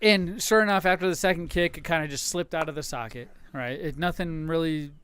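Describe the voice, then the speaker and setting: High, smooth-voiced man telling stories. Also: a little fast. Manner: animated, profane, acts out his wife's lines. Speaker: podcast co-host. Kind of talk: casual crude storytelling.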